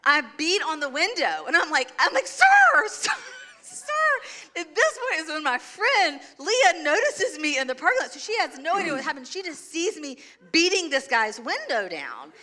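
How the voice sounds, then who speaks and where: A woman in her forties with a high, bright voice tells a story to a listener. She gets lively and laughs, now and then acting out her own shouting. The delivery is animated and conversational. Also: normal speed.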